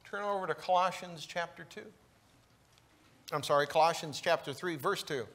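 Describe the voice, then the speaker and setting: A man preaching a sermon in a church, slow and emphatic, with deliberate pauses between phrases. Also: a little high, a bit bright. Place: church sanctuary.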